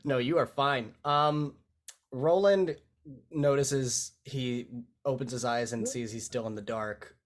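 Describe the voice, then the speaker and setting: A man's voice: mid-range voice, slow pace. A man playing a tabletop role-playing game, narrating what his character does in a rambling, self-deprecating way. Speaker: player.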